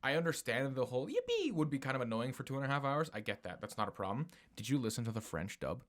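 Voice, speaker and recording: Animated, swearing podcast co-host man. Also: medium pitch, quick pace. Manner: animated, swearing often, bursts of laughter. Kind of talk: casual podcast chat.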